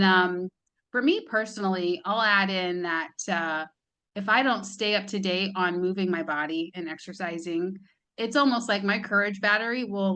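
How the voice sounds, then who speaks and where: A woman's voice: mid-range voice, pushed and bright. A woman hosting an interview podcast, chatting casually with frequent fillers. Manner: chatty, upbeat, fillers like "like" and "you know". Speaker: podcast host.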